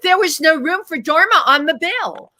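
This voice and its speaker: Bubbly high-voiced woman host. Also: lively intonation, normal speed, pushed and bright. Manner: gushing, laughs a lot. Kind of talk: casual interview chat.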